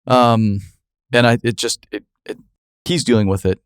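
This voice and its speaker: A man's voice: mid-range voice, steady tone, normal speed, clean tone, dry recording, studio quality. A man hosting a podcast, talking in a blunt, candid way and swearing casually. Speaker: podcast host.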